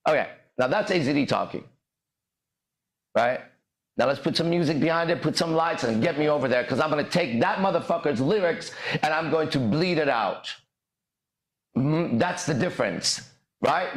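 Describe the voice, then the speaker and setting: Brash male podcast host, profane and swaggering, animated delivery in an echoey room. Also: fairly high pitch, moderate pace. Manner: swaggering, profane, bursts into shouted lyrics. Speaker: podcast host and dating coach. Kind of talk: motivational monologue.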